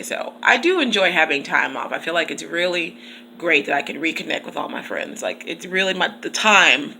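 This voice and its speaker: Chatty laughing woman with gravelly voice. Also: fairly low pitch, sharp tone, a little hiss or hum. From Michigan, USA. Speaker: teacher and vlogger. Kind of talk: casual chat. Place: in her car.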